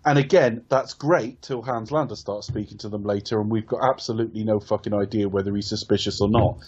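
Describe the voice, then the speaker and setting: A low-pitched man with a husky voice talks through a film in casual podcast chat. He rambles, stumbles over names and corrects himself, and swears now and then. The sound is dull and lo-fi. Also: fairly even intonation, brisk, a little mellow. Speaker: podcast co-host.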